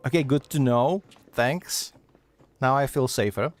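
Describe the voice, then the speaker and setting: A man's voice: mid-range voice, measured pace, faint music behind. Sarcastic chatty man streaming a game. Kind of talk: casual live-stream commentary.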